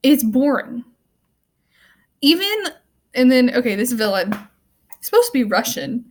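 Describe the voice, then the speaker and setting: Young female student vlogger, a little high-pitched, casual rambling rant with a wry tone. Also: sing-song, moderate pace. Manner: rambling, full of "like" and "um"; offhand and wry. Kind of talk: casual movie rant to camera.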